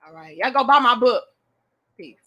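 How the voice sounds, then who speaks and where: A woman's voice: fairly high pitch, normal speed, sharp tone. A young woman hosting a casual live-stream chat, playful and teasing, laughing often. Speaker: host.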